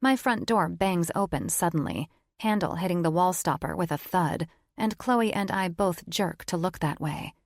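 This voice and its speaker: A woman's voice: fairly low pitch, normal speed, a little mellow, dry recording, studio quality. A woman narrating a first-person romance audiobook in a wry, conversational tone. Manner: wry, conversational inner monologue.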